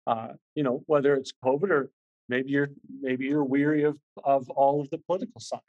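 A man's voice: mid-range voice, fairly even intonation, a little fast, darkish tone, highs cut off. A man preaching a sermon in a conversational way, earnest and repetitive, often restarting his sentences. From Canada. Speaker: visiting preacher.

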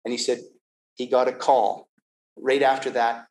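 A man with a mid-range voice tells a personal faith story. He talks in an animated way, often restarting and repeating words. He slips into the voices of the people he quotes. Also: medium pitch, measured pace, rough recording. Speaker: Christian giving a personal testimony. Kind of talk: storytelling testimony.

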